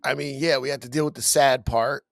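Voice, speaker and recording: A man's voice: mid-range voice, fairly even intonation, a little fast, gravelly, no room sound, clean studio sound. A man co-hosting a podcast, telling a story in casual chat, acting out quotes and laughing often. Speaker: podcast co-host. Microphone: studio podcast mic.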